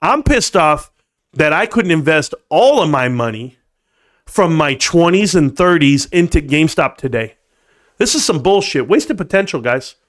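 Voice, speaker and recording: Speaking in a fairly high voice and a little slowly, this forties-aged man hosts a live stream. He's casual and animated, full of sarcastic ranting and open swearing.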